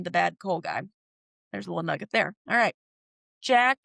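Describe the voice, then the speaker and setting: A woman's voice: medium pitch, vocal fry, sharp tone, dry recording. A woman co-hosting a podcast, recapping a TV show in casual chat, laughing often and acting out characters' lines. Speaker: podcast co-host.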